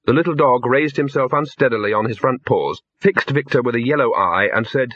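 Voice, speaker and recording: A man reads a novel aloud at a measured pace, in a bright voice with a husky edge. The recording is dry and close but dull and lo-fi. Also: medium pitch, no room sound. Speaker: audiobook narrator. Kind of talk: scripted narration.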